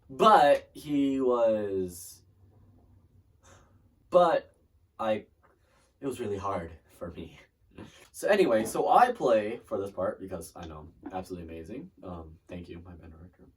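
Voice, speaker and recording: A man's voice: fairly low pitch, sing-song, a little slow, breathy edge. A man giving a casual, chatty drumline lesson, breaking down snare and tenor parts and trailing off mid-demonstration. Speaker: drumline instructor. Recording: distant mic with loud drum music.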